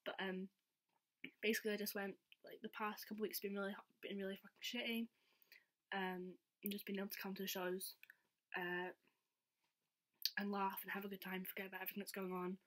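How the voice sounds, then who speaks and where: A woman's voice: medium pitch, little pitch movement, a little fast, fairly bright tone. A young woman vlogger telling a story in casual chat, giggly and saying "like" a lot. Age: young adult. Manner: chatty, giggly, says "like" a lot.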